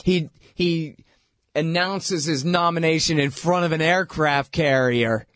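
A man hosting a talk show, giving a sarcastic, animated political monologue that is full of mocking impressions. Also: unhurried, dry recording. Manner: animated, rising pitch when exasperated. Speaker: radio host.

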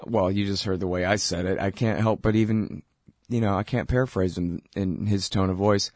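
A man's voice: sits low, steady tone, moderate pace, darkish tone, no room sound, clean studio sound. A man hosting a political talk show, delivering a sarcastic, heated commentary monologue.

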